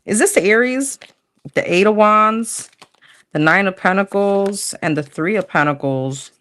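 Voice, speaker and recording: A woman's voice: mid-range voice, a little slow, fairly bright tone. A woman casually chatting through a livestream tarot reading, slangy, thinking aloud as she pulls cards. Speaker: tarot reader.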